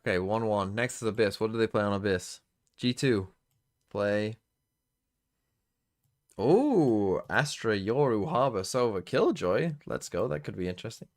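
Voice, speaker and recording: Low-pitched male streamer, offhand and muttering, frequent swearing. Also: expressive, a little slow. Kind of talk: casual live-stream commentary.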